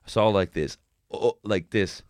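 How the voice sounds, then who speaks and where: A young Irish man co-hosting a podcast, telling rambling comedic stories full of swearing and bursts of shouted impressions. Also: on the low side, measured pace, no echo, clean studio sound. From Ireland. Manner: rambling, swears freely, jumps into shouted character voices. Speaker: podcast co-host. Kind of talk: casual comedic chat.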